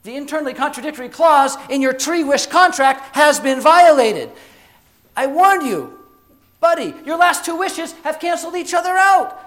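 A man voicing a brash, sarcastic male genie with a Chicago accent and a loud, mocking, high-pitched delivery. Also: sing-song, measured pace, long pauses, exaggerated voice. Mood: gloating.

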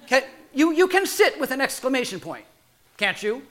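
A man preaching a sermon in a playful, animated way, breaking off into humorous asides and restarting his phrases as he goes. His voice is pitched high for a man and swings widely up and down. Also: moderate pace.

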